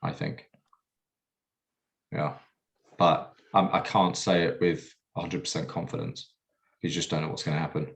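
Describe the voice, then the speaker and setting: A man's voice: very deep voice, fairly even intonation, normal speed, vocal fry, pauses often. A man co-hosting a casual podcast chat, hesitant with many fillers and restarts. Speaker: podcast co-host.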